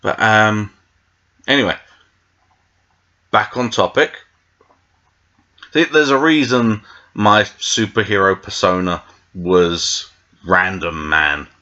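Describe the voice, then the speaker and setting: A man's voice: lowish voice, slow pace, pauses often, bright, forceful tone, muffled recording. A British man reviewing a TV episode in a meandering, tangent-filled casual chat, full of fillers. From Britain. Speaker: TV show reviewer.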